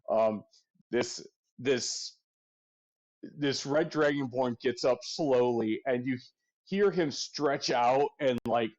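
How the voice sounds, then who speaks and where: A man narrating as game master in a tabletop game, in a halting, casual manner full of fillers. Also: mid-range voice, darkish tone, highs cut off.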